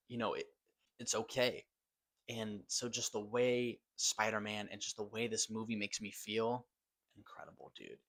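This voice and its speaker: A man's voice: lowish voice, a bit bright. A man giving a casual spoken film review, gushing and loose, swearing now and then for emphasis. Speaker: movie reviewer.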